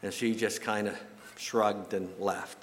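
A man giving a sermon in a church, telling folksy stories and jokes with halting repeats. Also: lowish voice, steady tone, a little hiss or hum. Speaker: pastor. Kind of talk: sermon with anecdotes. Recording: long reverb from a large hall.

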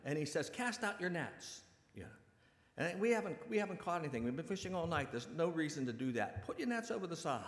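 A man preaching a sermon and retelling a story in a conversational, animated way. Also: medium pitch. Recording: echoey hall with long reverb.

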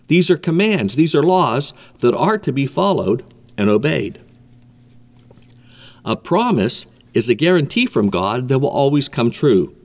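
A man's voice: medium pitch, expressive, moderate pace, a little mellow. A man preaching a sermon in an emphatic way, repeating his key points.

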